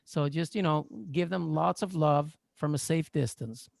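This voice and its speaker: A man coaching a workshop over a video call, explaining in a playful, animated, joking way. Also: fairly high pitch, a little slow, gravelly, dry recording. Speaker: coach and therapist. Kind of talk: online workshop lecture.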